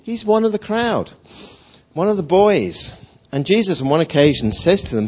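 Animated husky-voiced male preacher. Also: sits high, moderate pace. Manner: animated, acts out voices of figures, conversational. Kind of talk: lively storytelling sermon. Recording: dull lo-fi recording.

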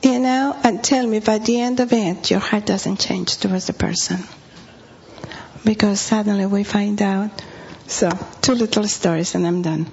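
A woman's voice: mid-range voice, normal speed, gravelly, a little mellow, a little hiss or hum. A woman pastor preaching with humorous, confessional stories, often dropping to a whisper. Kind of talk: sermon storytelling. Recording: dull lo-fi recording.

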